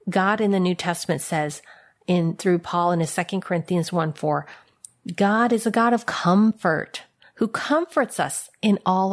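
A woman giving a devotional sermon in a gentle, reassuring way, sometimes dropping to soft, tender tones. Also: mid-range voice. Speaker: preacher.

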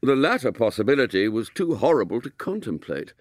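A man reading a story aloud in an expressive, mock-solemn way. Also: mid-range voice, brisk, dry recording, studio quality. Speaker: narrator.

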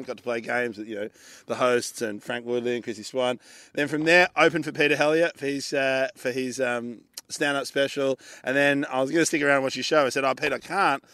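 An Australian comedian who co-hosts a podcast tells a long story in casual chat, animated and swearing freely as he acts out the people involved. He has a medium-pitched voice, talks briskly, and the recording is dry.

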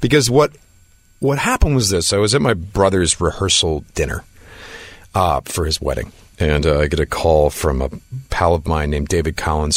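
A man with a very low voice tells an interview story, acting out the other people in it and tripping over his restarts. The sound is dry and close, with no room around it. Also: no echo. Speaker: actor guest.

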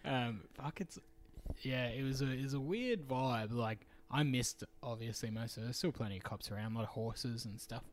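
A man's voice: mid-range voice, moderate pace. An Australian man hosting a casual podcast, joking, laughing often and calling people mate. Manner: jokey, laughs often, says mate a lot. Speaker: podcast host.

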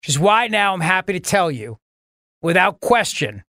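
A man's voice: high voice, animated, fairly quick, pushed and bright, no echo, clean studio sound. A man hosting a radio talk show, bantering in a jokey, mock-dramatic way. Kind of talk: casual radio chat.

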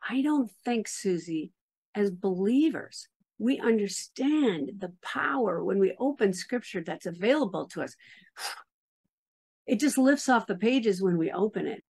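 A woman hosting a faith interview, warm with praise and enthusiastic about the book she discusses. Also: medium pitch, lively intonation, unhurried, breathy edge. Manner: enthusiastic, effusive. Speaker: interview host.

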